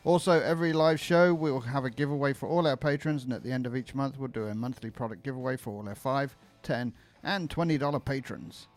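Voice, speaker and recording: A man's voice: mid-range voice, quick pace, few pauses, soft background music. A man co-hosting a beer podcast, reading the show intro in an upbeat radio-style delivery. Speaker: podcast co-host. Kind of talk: reading a show intro, then casual chat. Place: brewery studio.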